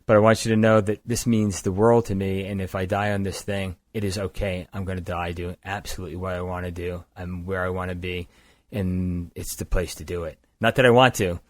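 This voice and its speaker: This older East Coast man speaks quickly in a deep, level voice while recounting a long story in a matter-of-fact manner. He founded a climbing gear company and is a podcast guest, seated indoors across a table. The studio audio is clean, without room sound.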